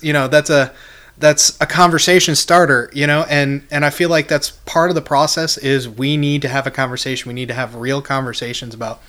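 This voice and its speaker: A man's voice: medium pitch, fairly bright tone. A man hosting a casual faith podcast, talking passionately in long rambling runs full of restarts. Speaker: podcast host.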